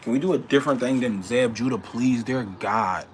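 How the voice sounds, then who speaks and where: Young Philly man, boxer doing casual live Q&A; mid-pitched, loose, repetitive, drifts between hyped and mumbly. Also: normal speed, a little hiss or hum. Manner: animated, incredulous when ranting, then low and mumbled. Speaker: boxer answering viewer questions. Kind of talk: casual livestream chat.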